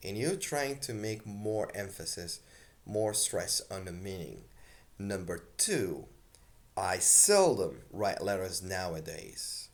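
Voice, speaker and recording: Slow, low-voiced male English teacher. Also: very animated. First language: Arabic. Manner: slow, deliberate explaining with many fillers. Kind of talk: recorded grammar lesson.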